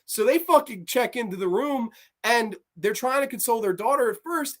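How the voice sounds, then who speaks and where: A horror movie show host giving a casual, profane review, rambling with restarts and swinging between low mutters and high excited outbursts. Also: normal speed. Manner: rambling, with frequent restarts and "like" asides.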